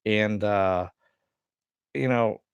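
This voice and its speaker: A man's voice: on the low side, drawn-out words, smooth, no room sound, dull audio. A man casually recapping a TV episode, rambling along with lots of fillers. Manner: rambling, many "you know" and "uh" fillers. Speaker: TV episode reviewer.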